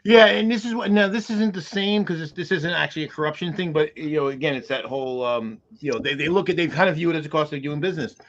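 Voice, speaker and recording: A man co-hosts a casual chat, pressing his points emphatically and restarting sentences often. His voice sits a little high. The recording sounds dull and lo-fi. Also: quick pace, hardly any pauses. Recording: dull lo-fi audio.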